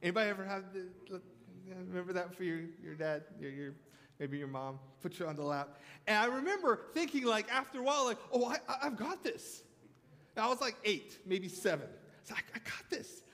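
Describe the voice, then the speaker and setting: A man's voice: high voice, expressive, fairly quick, a bit bright, in a large hall. A man preaching a sermon as pastor, telling stories and calling for amens from the congregation. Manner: storytelling preacher, calls for amens.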